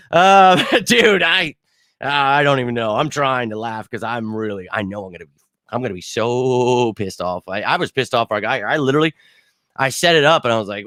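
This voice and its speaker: A man's voice: a little high, a bit bright, no echo, clean studio sound. A man hosting a livestream postgame reaction show, frustrated and swearing as he reads chat comments. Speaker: sports fan show host.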